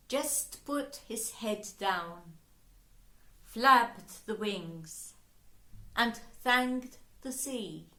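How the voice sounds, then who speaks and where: A woman telling a children's story slowly and expressively, voicing the characters as she goes. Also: on the high side, a bit bright. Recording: roomy echo.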